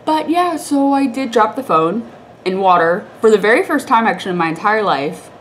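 A woman's voice: mid-range voice, animated, moderate pace, slight background noise. A young woman vlogger with a congested, stuffy voice, telling a rambling story to the camera in a chatty way, laughing often.

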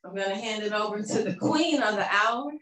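A woman's voice: medium pitch, a little fast, a bit bright, far from the mic. Encouraging woman coach in an echoey room. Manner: upbeat, encouraging, calls out moves. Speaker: fitness coach. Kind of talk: leading a workout class. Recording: roomy echo, from off-mic, faint music.

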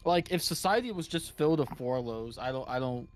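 A man excitedly reacting to a speedrun with friends, quick to gasp and exclaim. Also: medium pitch, soft background music. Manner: excitable, animated, gasping reactions. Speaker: speedrun co-commentator. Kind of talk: casual commentary chat.

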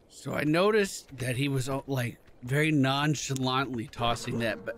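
A man giving casual let's-play commentary, excitable, swearing and shouting at game characters. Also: mid-range voice, normal speed, hardly any pauses, soft background music. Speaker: gamer playing a goose game.

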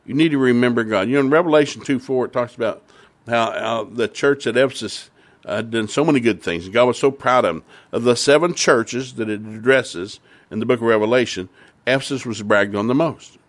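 A male preacher retells Bible stories and then draws the lesson from them. He is emphatic and repeats phrases to drive each point home. His voice sits at an ordinary middle pitch for a man. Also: a little fast. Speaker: family ministry preacher.

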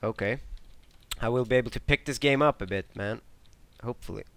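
A man giving casual live commentary over his own online shooter match, swearing, grumbling in frustration and breaking into excitable outbursts. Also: medium pitch, brisk, vocal fry, dry recording. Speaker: gameplay commentator.

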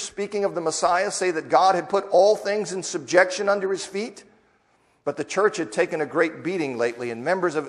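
This preacher, a man with a fairly high voice, reads a story to his Bible class in church before explaining it loosely and conversationally. A long reverb tail trails his words.

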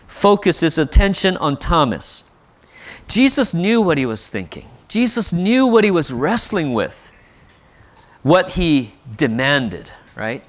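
A male pastor preaching a sermon in an earnest way, often asking "right?". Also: a little high. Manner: earnest, with frequent rhetorical "right?".

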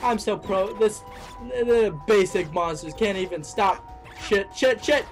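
A man's voice: high-pitched, measured pace, faint music behind. A man hosting a let's play, commenting on his gameplay and yelping at the action. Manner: excitable, shrieks and yelps at the game.

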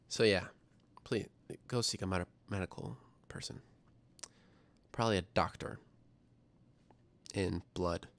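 Young guy reading chat on his science stream, kinda low and gravelly, rambly and self-deprecating. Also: slow, pauses often. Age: young adult. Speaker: livestream science show host. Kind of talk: casual livestream chat.

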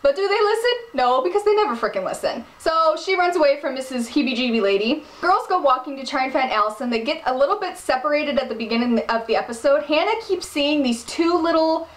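High-pitched woman vlogger doing a fired-up, exasperated TV recap in an echoey room. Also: fast, hardly any pauses. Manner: animated, exasperated, emphatic. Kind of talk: casual episode recap.

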